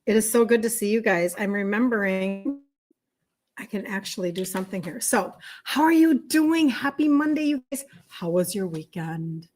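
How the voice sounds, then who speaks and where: A woman's voice: mid-range voice, expressive, normal speed, a little mellow. Chatty Minnesota woman greeting livestream viewers. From Minnesota, USA. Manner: chatty, greets viewers by name, laughs often. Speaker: health coach hosting a livestream. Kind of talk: casual livestream chat with viewers.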